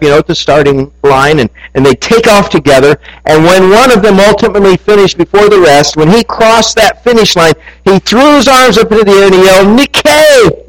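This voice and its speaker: Earnest preaching man, raised pitch. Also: low-quality recording. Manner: earnest preaching, rising to emphatic peaks. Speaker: pastor. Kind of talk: sermon.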